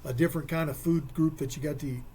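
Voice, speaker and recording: A man with a slightly husky, somewhat high voice hosts a casual radio sports talk segment. He jokes, tells stories and thinks through numbers out loud. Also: steady tone, fast. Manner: joking, storytelling, thinks aloud with math.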